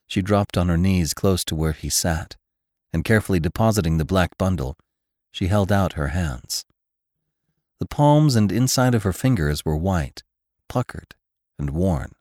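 A man narrating a classic novel in a measured, expressive reading. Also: deep voice, dry recording, studio quality. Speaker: audiobook narrator.

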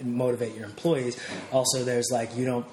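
A man's voice: medium pitch, level tone, moderate pace, darkish tone, echoey room, a little hiss or hum. Candid, chatty man guest. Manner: candid, laughing, with many fillers and restarts. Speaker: interview guest. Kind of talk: casual interview chat.

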